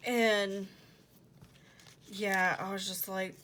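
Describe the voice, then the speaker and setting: A woman's voice: mid-range voice, takes it slowly, pauses often, noisy background. Chatty young woman telling a story. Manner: chatty, animated retelling with lots of "like" and quoted dialogue; drops to a soft near-whisper while working. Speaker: planner vlogger. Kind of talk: casual storytelling while decorating a planner.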